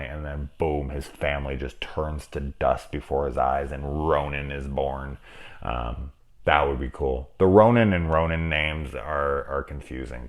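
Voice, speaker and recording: A man in his forties giving a casual, rambling film review, swearing freely and laughing at his own jokes. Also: a bass voice. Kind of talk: casual spoilery movie discussion.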